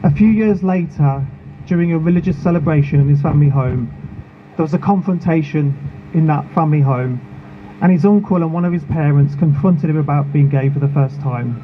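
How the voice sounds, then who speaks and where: A man, founder of a charity, giving an earnest, measured and emotional prepared speech at an outdoor protest rally. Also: fairly high pitch. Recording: phone-like sound with clear street noise.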